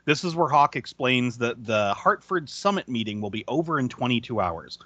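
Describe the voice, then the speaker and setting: A man talks through a movie recap on a podcast with a lively, swooping delivery and a bright, forceful tone. He swears casually and breaks into laughter often. The sound is dry and a little dull. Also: medium pitch, normal speed, no room sound. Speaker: podcast co-host.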